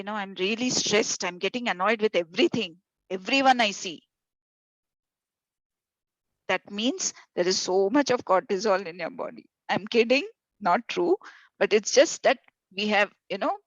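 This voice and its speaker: A woman facilitator with a mid-range, fairly bright voice gives a workshop talk to volunteers on a video call. She's chatty, using fillers and retelling stories, and the call audio is dull and dry.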